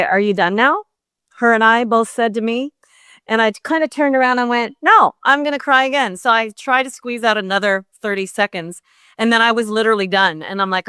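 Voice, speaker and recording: A woman's voice: mid-range voice, fairly bright tone, clean tone, no room sound, clean studio sound. A middle-aged woman from Canada, a golf pro and podcast guest, telling a story bluntly and with energy. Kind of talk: casual interview chat.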